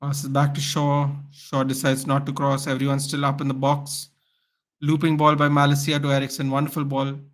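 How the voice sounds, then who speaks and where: A man's voice: medium pitch, completely flat delivery, normal speed. A man hosting a live football watchalong, calling the play as a partisan fan and chatting with viewers. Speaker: watchalong host.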